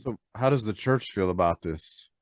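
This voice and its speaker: A man's voice: fairly low pitch, normal speed. A man in a casual podcast chat, joking, upbeat and profane.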